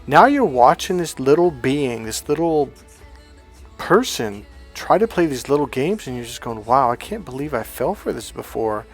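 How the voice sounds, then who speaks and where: A man delivers a motivational coaching talk in a mid-range voice. He is blunt and emphatic, swearing casually and restarting his sentences in quick bursts. Faint music sits behind him. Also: mid-range voice.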